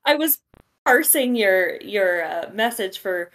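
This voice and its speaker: A woman book editor chatting on a podcast, measured and dryly amused. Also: medium pitch, expressive, fairly bright tone. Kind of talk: casual chat.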